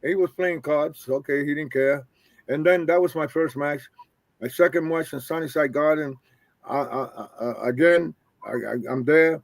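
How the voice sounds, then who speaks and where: An older man, a retired wrestler appearing as a guest, spins rambling stories in a casual way and performs the voices of the people he quotes. His voice is on the high side, his speed normal, and the recording dry.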